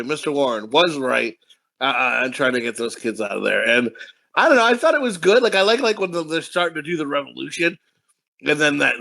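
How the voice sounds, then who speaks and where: Co-hosting a casual movie review podcast, a man with a mid-range, creaky, sharp voice tells a rambling, profane story and laughs often.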